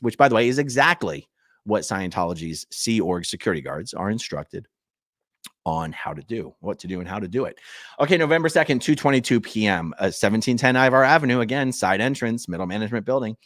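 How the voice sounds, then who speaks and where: Lively man reading documents aloud. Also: fairly low pitch, moderate pace, dry recording, clean studio sound. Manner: lively, chatty asides to viewers. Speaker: channel host.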